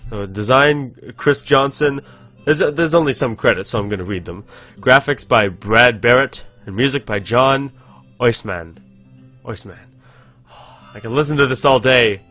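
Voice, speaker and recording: A man's voice: mid-range voice, normal speed, sharp tone, soft background music. A young man hosting a casual let's-play, rambling, giggling and reading game text aloud. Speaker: gaming channel host.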